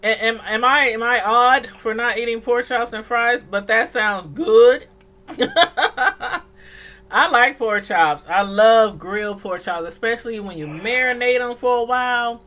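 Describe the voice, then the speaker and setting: A middle-aged woman hosting a relaxed call-in stream. Her voice is bright and clear. She chats easily, laughs often and reads viewer comments aloud. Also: on the high side, a little slow. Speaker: livestream host. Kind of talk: casual chat.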